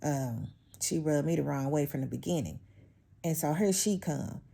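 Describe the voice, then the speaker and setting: A woman with a lowish, mellow voice tells a storytime from her home. She chats casually and sounds openly exasperated. She keeps turning to her viewers as if they were friends. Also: expressive, moderate pace, gravelly, husky. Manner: chatty, exasperated, addresses viewers as y'all. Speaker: vlogger telling a workplace story.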